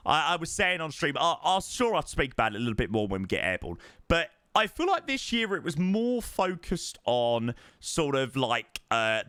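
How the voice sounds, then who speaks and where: A man's voice: on the high side, fairly bright tone, smooth, dry recording, studio quality. A man chatting casually on a live stream, thanking subscribers one by one and swearing now and then. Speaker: flight sim streamer.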